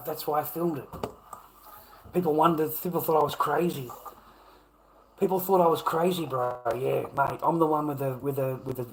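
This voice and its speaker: A man's voice: mid-range voice, fairly bright tone, rough recording. A man ranting casually to his chat, profane and repetitive, calling listeners mate and brother. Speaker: livestream host.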